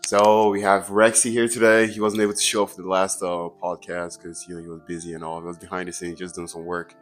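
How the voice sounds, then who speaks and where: A man's voice: deep voice, little pitch movement, fast talker, faint music behind. A young man hosting a casual podcast, rambling and repeating words as he talks. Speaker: podcast host.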